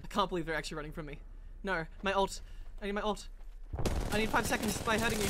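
A woman giving jumpy, excitable in-character commentary over gameplay, often breaking into shouts. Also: mid-range voice, a little fast, pauses often, a little hiss or hum. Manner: jumpy, bursts into shouts and laughter. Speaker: gamer. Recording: loud gunfire from the game behind.

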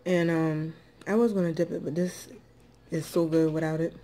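A woman's voice: low voice, fairly even intonation, moderate pace, warm tone, slight background noise. A woman chatting casually in an eating vlog, drawling and chatty with lots of ums, as dishes and cutlery clink behind her. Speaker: food vlogger. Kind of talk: casual mukbang eating chat.

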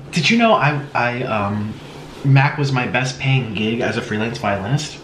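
A man's voice: medium pitch, expressive, moderate pace, fairly bright tone. A man chatting casually and playfully while eating, with lots of laughs. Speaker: channel host. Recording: roomy echo, faint noise.

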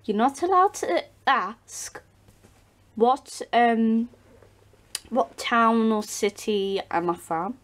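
A woman's voice: fairly high pitch, drawn-out words. A teenage girl, chatting casually to her viewers in a rambling way, with many ums and restarts. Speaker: doll channel vlogger. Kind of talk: casual vlog chat. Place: home, behind the camera.

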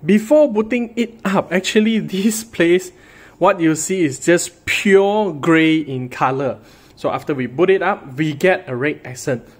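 Chatty man reviewing hardware. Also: a little high. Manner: chatty, often starts with "so", hedges with "I assume". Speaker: tech reviewer. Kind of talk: casual product showcase narration.

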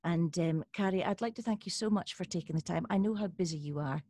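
A Scottish woman hosting an interview over a call, effusive and halting, with many fillers. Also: lowish voice, warm tone. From Scotland. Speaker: host.

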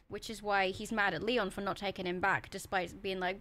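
A woman streaming a video game live, chatting and joking in an excitable, foul-mouthed way as she plays. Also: mid-range voice, moderate pace, hardly any pauses. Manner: excitable, swears and jokes at the game. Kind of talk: live gameplay commentary.

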